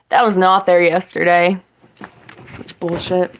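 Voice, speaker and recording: A woman's voice: on the low side, fairly even intonation, unhurried, rough recording. Young woman with a West Virginian accent streaming from her kitchen. Rambling, profane, talks straight to chat. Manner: rambling, swears freely, chats with viewers. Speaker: livestreamer. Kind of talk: casual livestream chat. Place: home kitchen.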